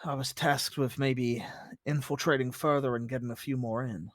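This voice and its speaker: A game master voicing a nervous male ally soldier who talks in a hesitant, halting way full of fillers, in a tabletop game. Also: medium pitch, steady tone, no room sound, clean studio sound, natural voice. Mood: uneasy.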